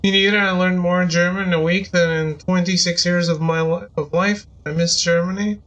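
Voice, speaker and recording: A man's voice: sits high, steady tone, moderate pace, fairly bright tone, lo-fi sound. A man chatting casually while streaming a game, playful and laughing often. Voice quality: playful, laughs often, hams up reading foreign text aloud. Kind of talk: casual gameplay commentary.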